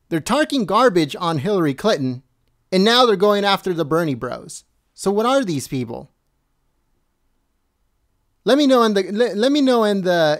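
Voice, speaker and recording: A man reading news items aloud slowly and adding his own commentary, stumbling and correcting himself and asking viewers questions. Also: high voice, dry recording, studio quality. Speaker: political commentary host.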